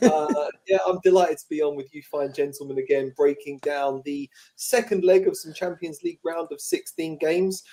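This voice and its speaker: A man's voice: on the high side, mellow, poor audio. A man with an English accent from England, politely breaking down soccer bets with a chuckle over a remote link. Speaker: soccer betting analyst. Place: just south of London, remote.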